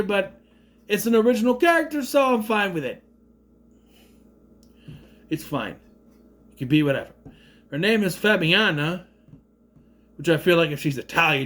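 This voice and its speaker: Male movie reviewer, casual and rambling, sarcastic and profane, high and lively voice. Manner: rambling, sarcastic, swears freely.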